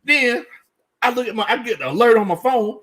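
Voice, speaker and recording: A man's voice: very high voice, lively intonation, a little fast, a bit bright. A man hosting a casual sports commentary livestream, reading out chat comments and joking, repeating lines for emphasis. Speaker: sports show host.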